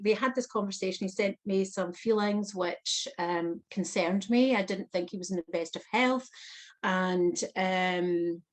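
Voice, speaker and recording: A woman guest on an interview, recounting a personal experience in an animated manner with frequent laughter. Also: medium pitch. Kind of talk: storytelling interview.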